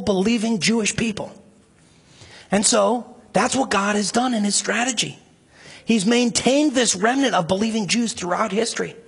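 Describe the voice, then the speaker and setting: A man preaching a sermon as a pastor, speaking with passion and rising emphasis. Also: slightly rough. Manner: impassioned, rising to emphatic high pitch when stirred.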